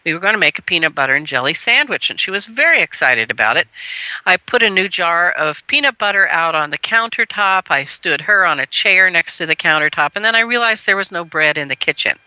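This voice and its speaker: Bright-voiced woman telling a gentle story. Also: no echo, rough recording. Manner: earnest, gentle storyteller who lifts her pitch when quoting. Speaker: guest, parenting educator. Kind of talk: radio interview storytelling.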